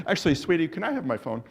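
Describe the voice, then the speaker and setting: A man with a notably high voice leads a live exercise workshop. He coaxes and cheers the group and calls out timed cues and countdowns. His talk is eager and encouraging throughout. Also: gravelly, slight background noise. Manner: enthusiastic, encouraging, coaxes the audience. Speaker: exercise coach presenting at a symposium. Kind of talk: live workshop presentation leading an exercise drill.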